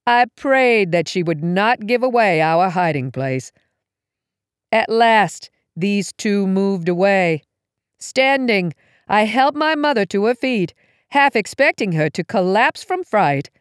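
A woman reading a first-person story aloud in an expressive, dramatic way. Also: mid-range voice, clear, resonant tone, dry recording, clean studio sound. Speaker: audiobook reader.

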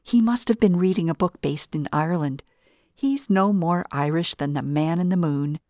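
A woman voicing a chatty, confiding librarian with a gossipy, lively way of talking, pitched well above her own voice. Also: moderate pace, no echo, clean studio sound, natural voice.

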